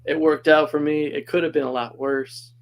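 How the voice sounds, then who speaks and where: A man's voice: fairly high pitch, flat delivery, moderate pace, low-quality recording. A man casually telling a personal story as a podcast guest, chatty and laughing often.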